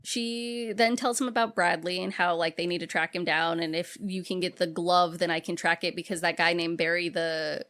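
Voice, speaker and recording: A woman co-hosting a podcast, casually recapping a horror film and acting out characters' lines in quick quotes. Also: lowish voice, flat delivery, fairly bright tone. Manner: retells scenes in quick acted-out quotes, swears casually. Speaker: podcast co-host. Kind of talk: casual movie recap chat.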